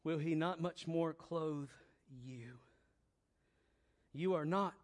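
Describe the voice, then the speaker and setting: A male preacher gives a sermon that shifts between quiet, low reflection and loud, emphatic exhortation, repeating phrases slowly and deliberately.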